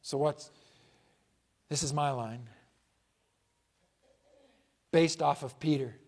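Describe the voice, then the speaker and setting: A male pastor preaching a sermon, emphatic and repetitive, asking rhetorical questions and swinging from loud declarations to hushed asides. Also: fairly high pitch, slow pace.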